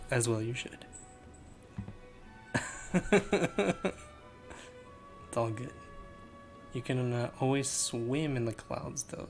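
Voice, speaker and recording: A man casually commenting while streaming a game, chatty and joking with his chat. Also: mid-range voice.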